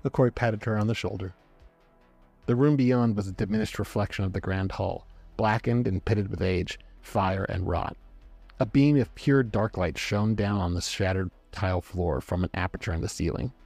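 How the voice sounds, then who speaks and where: Low husky guy reading a story, slow and dramatic, soft music behind. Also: no echo. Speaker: narrator. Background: faint background music.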